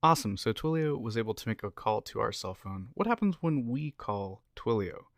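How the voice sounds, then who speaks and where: A man's voice: on the low side, very animated, a little fast, no room sound, clean studio sound. A man presenting a casual, upbeat screencast walkthrough as a developer tutorial host.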